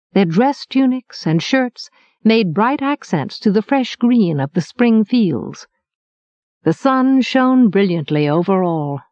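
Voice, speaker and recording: A woman narrating an audiobook at a slow, unhurried pace, her voice rising and falling with lively expression. The sound is dry and close, recorded with a dull, lo-fi tone. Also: mid-range voice, no room sound. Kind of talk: scripted narration.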